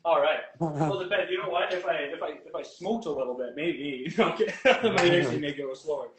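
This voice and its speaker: A man's voice: on the high side, quick pace. Upbeat man chatting while cooking. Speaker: guest chef and bodybuilding coach. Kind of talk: casual chat while cooking. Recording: echoey room.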